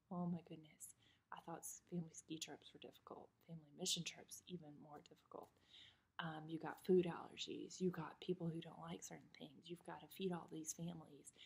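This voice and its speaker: Casting note: young adult woman, husky and gravelly, chatty devotional talk with plenty of ums. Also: fairly low pitch, darkish tone. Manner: chatty, personal, filler-laden. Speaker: devotional speaker.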